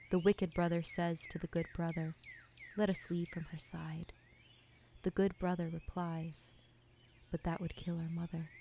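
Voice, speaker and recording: Hushed, mellow woman narrating poetry. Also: lowish voice, slight background noise. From United States. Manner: slow, measured, hushed, with occasional whispers. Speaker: filmmaker narrating her own work. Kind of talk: poetic scripted narration.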